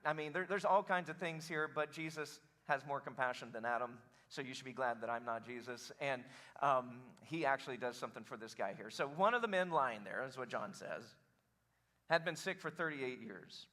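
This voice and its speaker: A male pastor preaching a sermon in a lively, joking way, calling on the congregation to answer. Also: medium pitch, normal speed. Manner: animated, joking, calls for congregation response.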